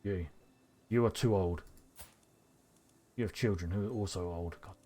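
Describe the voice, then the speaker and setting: A man streaming a strategy game live, thinking aloud with excitable bursts. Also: sits low, normal speed.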